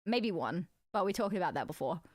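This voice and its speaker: A woman's voice: lowish voice, expressive, fairly quick, darkish tone, no echo, clean studio sound. A young woman live streamer chatting casually with her viewers while playing a word game. She is giggly and chatty, and she swears freely.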